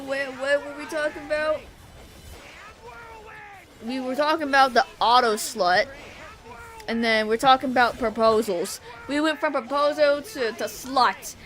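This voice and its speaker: A young woman streaming games live, chatting casually, excitable and swearing freely, often bursting into shouts. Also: high voice, slight background noise. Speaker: VTuber streamer.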